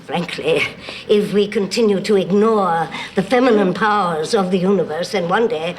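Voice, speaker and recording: A woman's voice: medium pitch, normal speed, a little hiss or hum, natural voice, rough recording. An actress playing an eccentric older woman academic with a comically witchy voice, heard in a film scene. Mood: lecturing. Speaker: veteran feminist academic lecturer. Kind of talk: film dialogue. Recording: film soundtrack with clear ambience.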